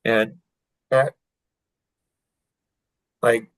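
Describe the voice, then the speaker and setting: An older man telling a painful personal story as a podcast guest, halting and full of restarts. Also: medium pitch, flat delivery, dry recording, rough recording. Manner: halting, emotional retelling with many restarts.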